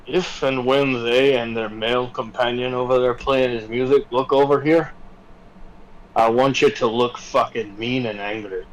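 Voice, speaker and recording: A man's voice: medium pitch, steady tone, moderate pace, close to an everyday voice, rough recording. A man voicing a blunt adventurer character in a tabletop game, using a put-on accent. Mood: conspiratorial.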